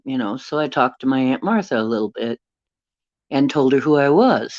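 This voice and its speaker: Middle-aged lady rambling through a story, pretty low voice, dry kinda dull mic. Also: expressive, normal speed, a little mellow, no room sound. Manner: rambling, chatty, greets viewers mid-story. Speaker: paranormal livestream host. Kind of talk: casual storytelling to live chat.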